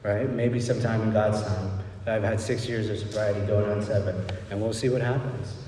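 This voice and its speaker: A man's voice: on the low side, fairly even intonation, moderate pace, warm tone, a little hiss or hum. Candid man speaking in a distant hall. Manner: candid, rambling, frequent "right?" asides. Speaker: recovery speaker. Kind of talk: personal recovery talk. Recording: roomy hall from far off.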